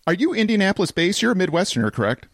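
A man's voice: sits high, very animated, racing, no echo, studio quality. A man with a Southeast Michigan accent and a slightly nasal voice, hosting a casual podcast interview and laughing often. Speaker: podcast host.

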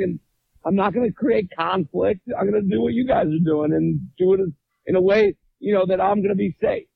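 A high-voiced man with a gravelly, husky edge tells stories on a podcast, jumping into the voices of the people he met. He is from the Boston area and swears freely. The sound is dull and lo-fi, with no room to it. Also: moderate pace, no echo. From Boston area, USA. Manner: animated storyteller acting out dialogue, swears freely. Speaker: comedian guest. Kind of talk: casual interview chat.

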